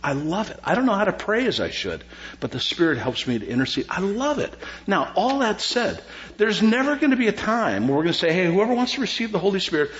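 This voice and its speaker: A middle-aged man, preaching a sermon as pastor in an animated, joking way with lots of repetition. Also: high-pitched, brisk, reverberant. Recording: dull lo-fi sound.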